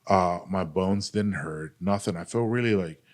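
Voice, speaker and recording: A man with a very low voice talks as a podcast guest. He tells his recovery story candidly and bluntly, swearing freely and leaning on "like" and "dude". His tone stays earnest as he shares his experience. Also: moderate pace. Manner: blunt and profane, heavy use of "like" and "dude"; earnest, speaks openly about pain and recovery. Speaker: podcast guest, army veteran.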